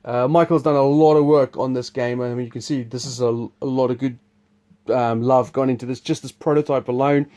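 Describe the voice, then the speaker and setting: A man's voice: medium pitch, steady tone, fairly quick, dark tone. A man hosting a board game preview, explaining the game in a rambling, chuckling, casual way. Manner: rambling, chuckling, restarts sentences.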